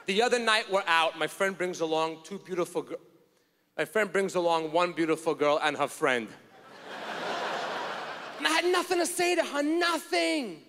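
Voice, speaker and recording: Male stand-up, punchy storyteller who shouts punchlines; live stage in a big hall, faint background noise. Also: high-pitched, lively intonation, normal speed, long pauses. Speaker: stand-up comedian. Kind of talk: stand-up comedy. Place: comedy festival stage.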